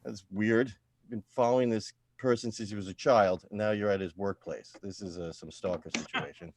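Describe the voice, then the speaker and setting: A man performs stand-up over a video call from home in a lowish, dry-sounding voice. He delivers his jokes deadpan, then lets them trail off into quiet, self-deprecating mumbles. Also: moderate pace, dry recording. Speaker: stand-up comedian at open mic.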